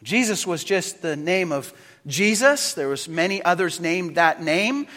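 A man preaching a sermon as pastor, swinging between loud calls and hushed, low lines. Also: animated, unhurried. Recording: reverberant hall.

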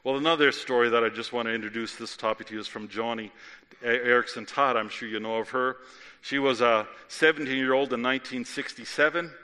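A man's voice: mid-range voice, steady tone, fairly quick, sharp tone, smooth. A man preaching a sermon and telling stories, reading quotes aloud with feeling. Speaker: pastor. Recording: long reverb of a large hall.

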